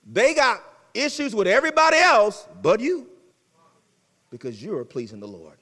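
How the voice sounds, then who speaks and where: A man preaching a sermon as pastor, conversational and folksy, swinging between loud exhortation and hushed asides. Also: sits high, wildly swooping pitch, moderate pace, big-room sound. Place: church sanctuary.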